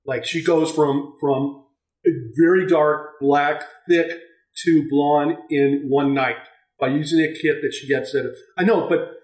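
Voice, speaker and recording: A man co-hosting a casual film review chat, talking haltingly with many restarts. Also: a little high, steady tone, darkish tone, recorded from a distance. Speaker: podcast co-host. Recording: echoey room, voice off-mic.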